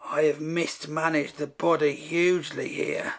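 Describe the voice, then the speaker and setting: A man's voice: on the high side, lively intonation, unhurried, fairly bright tone. Man wryly mocking his own painting. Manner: self-deprecating, wry running commentary. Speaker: host. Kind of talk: comic painting commentary.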